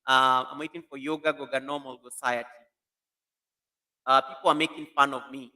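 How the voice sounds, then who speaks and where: A man's voice: mid-range voice, fairly even intonation, brisk, sharp tone. A man hosting a casual live stream, animatedly greeting viewers by name while testing a new computer mic in an echoey room.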